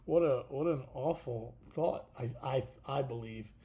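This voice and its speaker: A tired man hosting a casual livestream, talking haltingly with many fillers and restarts. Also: mid-range voice, warm tone. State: tired, yawning. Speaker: podcast host.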